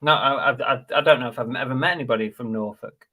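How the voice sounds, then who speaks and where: A man with a mid-pitched voice hosts a casual live stream. He reads out comments and donations, slipping in dry jokes along the way. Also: fast, sharp tone. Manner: dry, joking asides while reading donations. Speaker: host of a live reselling chat.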